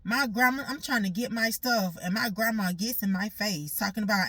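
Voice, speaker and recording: A woman's voice: mid-range voice, moderate pace, pushed and bright, husky, dry recording. A woman giving an emotional personal monologue, talking bluntly with lots of swearing and repeating herself, sounding hurt and aggrieved. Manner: blunt, profane and repetitive.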